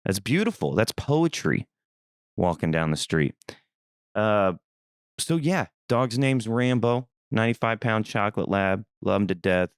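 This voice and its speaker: A young man from Missouri hosting a podcast, telling a rambling, animated story in a casual, swearing manner. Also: lowish voice, a little slow, dry recording, clean studio sound. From Missouri, USA. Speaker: podcast host.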